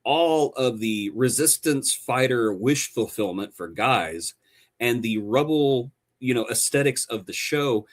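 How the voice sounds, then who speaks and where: A man's voice: medium pitch, expressive, unhurried. A man co-hosting a podcast, reviewing a show with sarcastic, theatrical banter. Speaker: podcast co-host.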